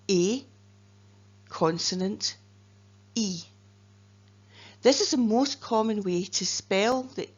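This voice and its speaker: A woman with a Scottish accent, a teacher slowly and carefully explaining spelling patterns and sounding out words letter by letter. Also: mid-range voice. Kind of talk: phonics lesson narration. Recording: dull lo-fi recording.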